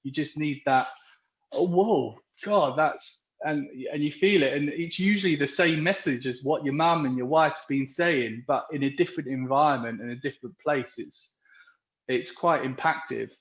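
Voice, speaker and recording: A man's voice: a little high, normal speed. A man being interviewed live online, talking earnestly and rambling, with lots of restarts. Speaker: interviewee, dads' group organiser. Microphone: video call. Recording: roomy, dull lo-fi video call audio.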